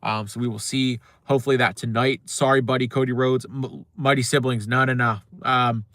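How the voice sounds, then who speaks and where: Man, young adult, livestream host, rambling with fillers, bright voice, dry close sound. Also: mid-range voice, little pitch movement, normal speed, hardly any pauses, no room sound. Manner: rambling, many fillers and restarts. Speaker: show host. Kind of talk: casual livestream chat reading comments.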